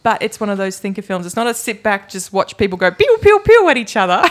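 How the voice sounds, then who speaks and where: A woman with an Australian accent co-hosting a film podcast, quick to laugh in casual chat. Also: medium pitch, steady tone, fairly bright tone. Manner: good-humoured, quick to laugh. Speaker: podcast co-host.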